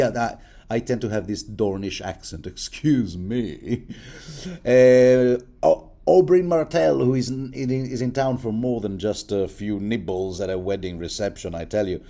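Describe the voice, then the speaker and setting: Chuckling, rambling mellow-voiced man. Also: fairly low pitch. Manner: rambling, stammering repeats and frequent chuckles. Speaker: book commentator. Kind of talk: rambling casual commentary.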